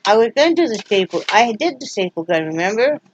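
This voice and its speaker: A woman's voice: a little high, very animated, fast talker, dull audio, a little hiss or hum. Rambling, joking woman vlogger at home. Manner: rambling, joking, with many fillers. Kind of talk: casual vlog chat.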